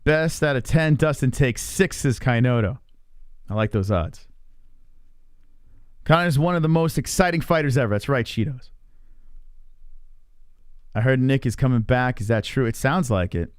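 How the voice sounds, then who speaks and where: A man's voice: medium pitch, normal speed, long pauses, clear, resonant tone, dry recording. Profane, teasing male streamer, dry sound. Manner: profane, teasing, rambling with restarts. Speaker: live stream host. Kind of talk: casual live stream chat, reading chat.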